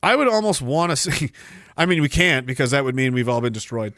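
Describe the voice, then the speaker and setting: A man hosting a stream, giving sarcastic, mocking commentary on a video clip and breaking into shouts. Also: mid-range voice, animated, brisk, dry recording, studio quality. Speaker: stream host.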